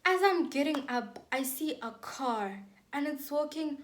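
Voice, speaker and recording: Animated young South African woman, higher voice. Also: measured pace. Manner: animated, dramatic retelling with repetitions and acted-out quotes. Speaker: YouTuber. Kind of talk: storytime vlog.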